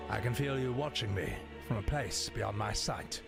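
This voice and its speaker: A man doing an impression of a menacing, refined older male villain with a slow, eerie delivery. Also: lowish voice, lively intonation, creaky, over loud music, voice pushed down.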